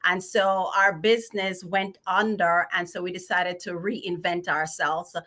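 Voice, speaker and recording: Bright-voiced Jamaican woman. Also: lowish voice, steady tone, unhurried. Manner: friendly storytelling, filler uhs. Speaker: financial planner guest. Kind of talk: casual livestream chat.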